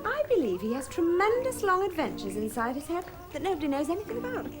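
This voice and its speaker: A woman's voice: very high voice, big pitch swings, fast, music in the background. An actress playing an earnest, dreamy young woman running a party game in a televised stage drama. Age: young adult. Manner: eager, bossy, reflective.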